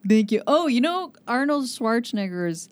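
A woman's voice: on the high side, sing-song, normal speed, slight background noise. A woman co-hosting a casual chat podcast, giving short replies and laughing often. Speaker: podcast co-host.

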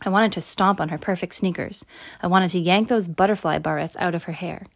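Low-voiced woman narrating a storybook. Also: fairly quick, gravelly. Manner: voices characters with raised pitch and louder quotes. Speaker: audiobook narrator. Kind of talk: first-person storybook narration.

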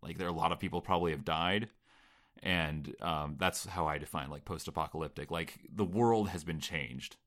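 A man co-hosts a casual film review conversation, speaking loosely with frequent fillers and hedges. His voice is very deep. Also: normal speed. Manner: relaxed, filler-heavy, hedging. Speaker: podcast co-host.

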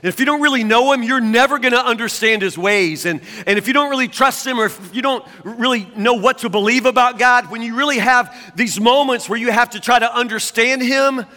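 A man's voice: extremely high pitch, bright, forceful tone, big-room sound. A man preaching a sermon as a pastor, talking conversationally and often stammering into restarts.

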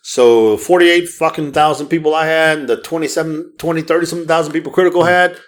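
A man's voice: a little high, fairly even intonation, quick pace. A man co-hosting a podcast in casual chat, ranting with heavy profanity. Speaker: podcast co-host.

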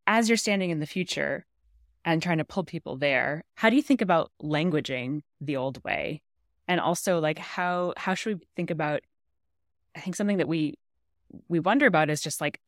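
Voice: medium pitch, fairly bright tone, no room sound, studio quality. A podcast co-host asking a question in a thoughtful, hesitant way, with many fillers and restarts. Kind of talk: conversational interview question.

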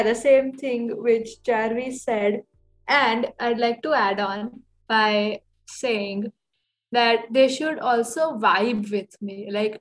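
A woman's voice: a little high, rough recording. A young woman co-hosting a podcast, chatting in a playful, teasing way. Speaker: podcast co-host. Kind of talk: casual chat.

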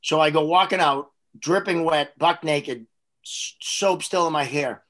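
Profane storytelling man, slightly high voice. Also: measured pace, fairly bright tone. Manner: profane, laid-back anecdotal storytelling. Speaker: guest, former hockey referee. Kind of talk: casual podcast storytelling.

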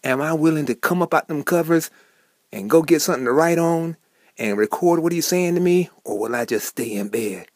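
Animated preaching man, dry close sound. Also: a little high, a little fast, no room sound. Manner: animated, swings from soft to emphatic, acts out quoted people. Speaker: host of a short devotional program. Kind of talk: preaching devotional talk.

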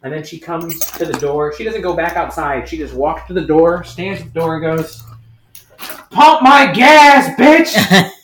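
Podcast co-host, male, casual and foul-mouthed, lively storyteller; roomy echo on the recording. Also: on the high side, a little fast, hardly any pauses, slight background noise. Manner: swearing, acts out stories in voices. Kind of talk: casual chat.

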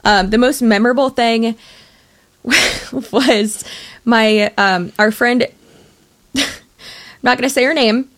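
A woman's voice: on the high side, slow, pauses often. A young woman co-hosting a podcast, chatting casually and telling rambling, giggly stories full of fillers. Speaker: podcast co-host. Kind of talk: casual chat.

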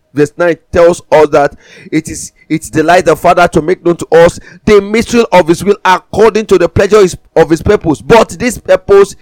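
A man's voice: high voice, a little mellow, no room sound. A man preaching a sermon, emphatic, with repeated declarations.

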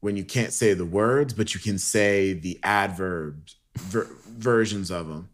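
A man's voice: low voice, a little slow. A young man co-hosting a podcast, chatting in a laid-back, slangy, joking way. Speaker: podcast co-host. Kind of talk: casual chat.

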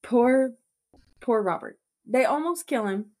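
A woman co-hosting a casual book podcast, talking in an animated way and acting out characters' lines in quick voices. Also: a little high. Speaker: podcast co-host.

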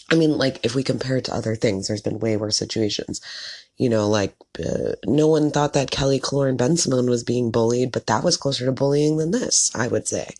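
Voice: medium pitch, creaky, a little mellow. A podcast host talking casually on their own, chatty and opinionated, with lots of filler words. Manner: opinionated, candid. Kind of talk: casual solo commentary.

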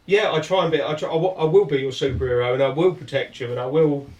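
The sound is lo-fi and echoey, with the mic placed well away from this podcast host. He talks fairly high-pitched yet darkish in tone, at a quick pace, earnestly chatting in a casual way and restarting often.

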